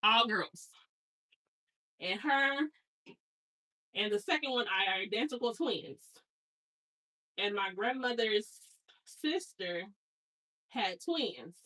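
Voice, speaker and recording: A woman's voice: medium pitch, animated, slow pace, long pauses, sharp tone, low-quality recording. A woman in her thirties, a hair stylist, chatting casually and telling rambling family stories with slangy asides while she unpacks. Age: 30s.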